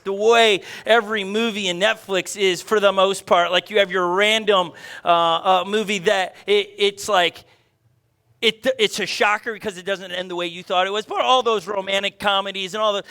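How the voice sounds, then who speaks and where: A middle-aged man preaching a sermon, energetic and conversational, with frequent restarts and acted-out asides. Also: high voice. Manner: energetic, restless, with many restarts and quoted asides. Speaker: pastor.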